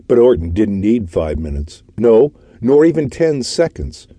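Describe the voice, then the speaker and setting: A man reading a classic detective audiobook in a measured storytelling manner. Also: lowish voice, big pitch swings, mellow, husky, dry recording. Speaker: audiobook narrator. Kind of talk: scripted audiobook narration.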